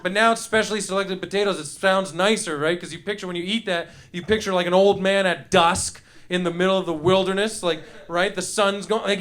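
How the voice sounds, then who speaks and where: A high-pitched man on a comedy club stage, talking into a handheld mic. He rambles loosely through his bits and riffs with the audience, slipping into quick character voices. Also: fairly bright tone. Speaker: stand-up comedian. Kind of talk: live stand-up with crowd work. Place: comedy club stage before a laughing crowd.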